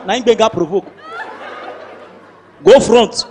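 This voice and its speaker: A man with a Nigerian accent doing stand-up comedy in pidgin, telling stories with animated voices and shouted sound effects. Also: high-pitched, normal speed, pauses often, big-room sound, a little hiss or hum. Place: large hall before a live audience.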